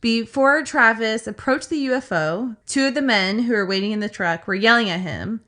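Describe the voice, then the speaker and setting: A woman's voice: fairly high pitch, normal speed, bright, forceful tone. A woman co-hosting a podcast, retelling a story in a chatty, casual way with lots of "like" fillers. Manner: chatty, filler-heavy retelling with acted quotes. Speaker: podcast co-host.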